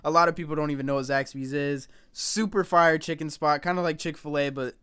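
A laid-back man hosting a casual podcast chat. His voice is smooth and clear and sits a little high. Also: steady tone, brisk, fairly bright tone.

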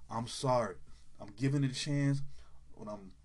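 A man rants about music with a husky, slightly rough voice. He talks bluntly and profanely, and grows heated. His pitch sits in the ordinary middle range. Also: moderate pace, darkish tone. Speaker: music commentator. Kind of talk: ranting opinion monologue.

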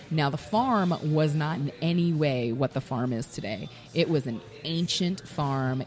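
A woman, a guest on the show, telling an animated story about her brand in a casual interview, recorded in a bar. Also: sits low. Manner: animated storyteller who acts out dialogue. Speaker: whiskey brand representative, guest. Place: busy bar. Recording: bar with faint background music.

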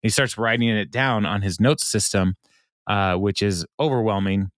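A man's voice: on the low side, normal speed, a bit bright, dry recording, studio quality. A man co-hosting a podcast, casually recapping an episode, laughing often and briefly mimicking the characters. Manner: retells scenes, briefly mimicking the characters' lines; laughs often while talking. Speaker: podcast co-host.

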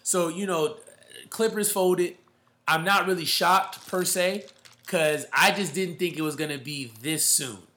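Bright-voiced man in casual sports talk. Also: on the high side, measured pace. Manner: emphatic, slangy, calls listeners bro.

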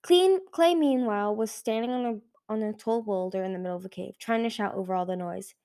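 A woman reading a children's fantasy novel aloud in a measured way, with small slips and restarts. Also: medium pitch, mellow. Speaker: audiobook reader. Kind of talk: storybook read-aloud.

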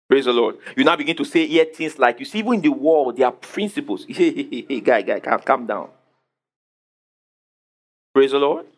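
A man preaching a sermon, repeating questions to the congregation and answering them emphatically. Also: mid-range voice. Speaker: pastor.

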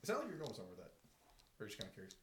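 Teasing young man, lively voice. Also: fairly low pitch, rapid-fire, slight background noise. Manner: teasing, sarcastic. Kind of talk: casual chat among friends.

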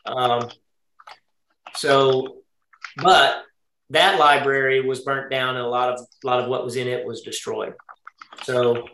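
A man at a middle pitch teaching a Torah study class, thinking out loud as he goes. He keeps turning to his listeners with questions and checks like "right?". His voice carries a clear echo from the room around him. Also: steady tone, slow pace, long pauses, a little hiss or hum. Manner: thinking aloud, quizzing the group. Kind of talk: interactive Torah study lesson.

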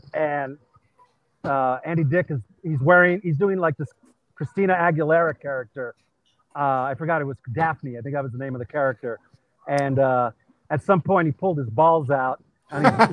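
A man's voice: fairly high pitch, no room sound, rough recording. A male stand-up comedian from California, telling anecdotes casually with lots of "uh" fillers, calling in from a busy venue. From California, USA. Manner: animated anecdotes with many fillers. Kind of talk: casual storytelling. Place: busy comedy venue with people walking around.

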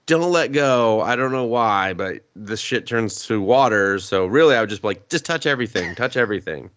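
A man's voice: fairly low pitch, lively intonation, moderate pace, fairly bright tone, a little hiss or hum. A man doing an exasperated talking chair. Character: exasperated enchanted male chair.

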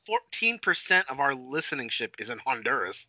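Man, casual podcast chat, profane, jokey, animated pitch, dry lo-fi sound. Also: normal speed, dry recording. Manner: profane, joking, trails off and restarts. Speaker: podcast co-host. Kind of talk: casual crude banter.

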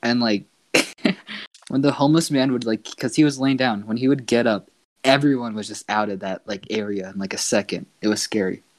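A young man guest on a casual podcast, telling an exaggerated story in a deadpan way. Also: medium pitch, moderate pace, dry recording. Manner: deadpan teller of exaggerated tall tales, laughs at his own jokes. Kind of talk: casual chat.

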